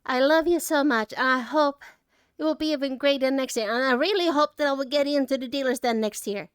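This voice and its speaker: A woman giving an emotional personal reflection as an artist. She is choked up and holds back tears, talking haltingly with many restarts and trailing phrases. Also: sits high, no echo, clean studio sound.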